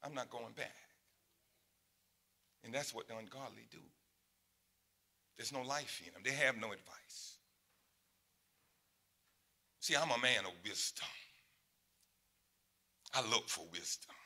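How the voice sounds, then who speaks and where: A pastor in his sixties preaching a sermon in a conversational way, dropping to quiet asides and rising to loud, high exclamations. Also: slow, creaky, long pauses. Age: 60s.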